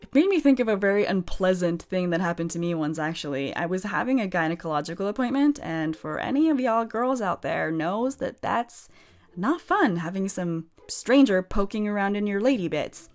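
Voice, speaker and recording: Chatty woman with a lively voice. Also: medium pitch, moderate pace. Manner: chatty, sarcastic asides. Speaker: story narrator. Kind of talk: reading stories with casual commentary.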